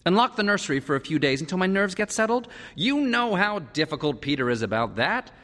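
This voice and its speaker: A man's voice: high voice, big pitch swings, a little fast, fairly bright tone, in a large hall, voice pushed up. A man voicing a tense, tearful wife. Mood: insistent. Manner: pleading, tense. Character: anxious tearful woman, a mother and wife.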